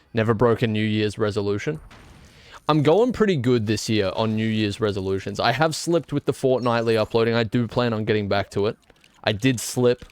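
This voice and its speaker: A man with an Australian accent chatting casually while streaming a game, rambling and joking with mock indignation. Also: medium pitch. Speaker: gaming streamer. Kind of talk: casual live-stream chat while playing.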